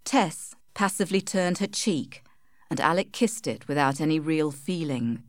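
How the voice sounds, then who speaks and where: A woman narrating a story in a measured, storytelling manner. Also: low-pitched, animated, no echo. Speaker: audiobook narrator. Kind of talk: scripted narration of a simplified classic.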